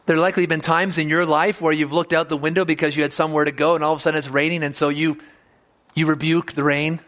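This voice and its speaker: Male pastor, sermon delivery, high voice, earnest, repeats words on restarts. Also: level tone, fast talker, fairly bright tone.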